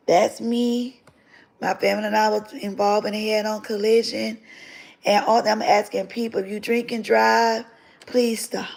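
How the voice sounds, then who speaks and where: Woman, livestream host; gravelly, mid-pitched voice; fervent spoken testimony that leans on repetition. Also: darkish tone, low-quality recording. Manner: fervent, repeats phrases for emphasis. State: tearful at times.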